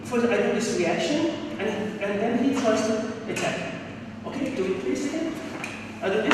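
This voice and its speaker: A man's voice: sits high, lively intonation, normal speed. A man teaching a martial arts seminar, explaining and demonstrating moves as he goes. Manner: explains while demonstrating moves, repetitive phrasing. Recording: echoey hall, distant mic, audible noise.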